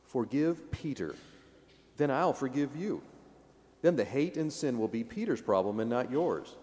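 A man plays the Lord in a drama skit, calm and patient, answering in gentle, measured lines at an ordinary pitch. A long hall reverb trails after every word. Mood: gently firm.

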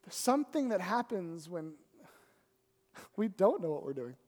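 A man telling a self-mocking story in a sermon, animated and quick to check in with his listeners. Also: high-pitched. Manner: animated, self-mocking, keeps adding "right?". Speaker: pastor. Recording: reverberant hall.

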